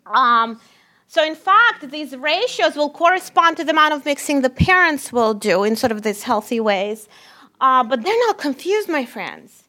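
Bright-voiced woman with Russian accent. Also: high-pitched, moderate pace. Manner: lively, addresses audience as "my friends". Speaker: researcher and lecturer. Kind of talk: lecture.

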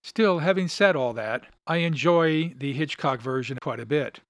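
A man hosting a podcast, giving measured, thoughtful commentary on film history and reading passages aloud. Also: on the high side, no echo. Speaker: podcast host.

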